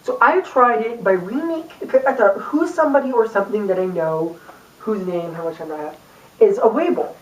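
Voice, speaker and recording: A young woman with a mid-range voice talks about a book at normal speed in a rambling, chatty YouTube vlog sprinkled with fillers and jokes. A camera person films her in a room, recorded from afar with echo.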